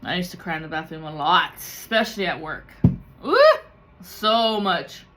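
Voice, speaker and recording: A tarot reader and spiritual content creator shares raw, confessional feelings in her personal vlog, swearing freely and taking on the voices of those she quotes. Her voice is on the low side, bright and forceful, at a moderate pace.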